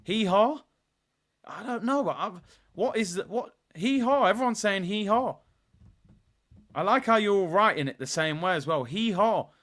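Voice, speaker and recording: A young man talks to his stream audience in a loose, rambling way. His voice sits high and swings widely in pitch, bright and forward in tone. He drifts between quiet asides and sudden excited shouts. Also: normal speed. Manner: animated, rambling, playful, bursts into high shouts. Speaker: football watchalong host. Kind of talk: casual live-stream chat.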